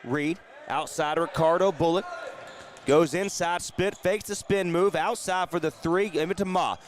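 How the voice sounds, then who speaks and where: A man calling live basketball play-by-play from a community center gym, rattling off the action and getting excited on big plays. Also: a little high, measured pace, slight background noise. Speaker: play-by-play announcer.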